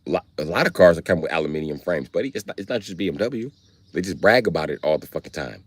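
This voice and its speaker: An American man rants on a live stream, loud and full of swearing. His pitch swings widely as he gets worked up, and the sound is dry and close. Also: quick pace, dry recording. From United States. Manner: loud, swearing, animated ranting. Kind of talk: profane live-stream rant.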